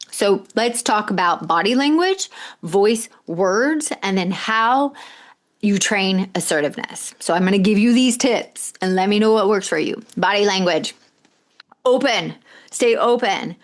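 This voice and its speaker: A woman hosts her own podcast and talks straight to the listener. She coaches in short, punchy lists of tips, blunt and direct, with a bit of casual swearing. Her pitch sits at an ordinary middle height for a woman. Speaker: podcast host. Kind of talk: solo podcast advice talk.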